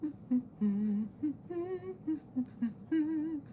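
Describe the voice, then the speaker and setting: Slow, giggly woman streamer chatting. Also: sits high, animated, narrow, tinny audio, noisy background. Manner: chatty, giggly, rambling asides to chat. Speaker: livestream host. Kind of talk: casual chat while crafting.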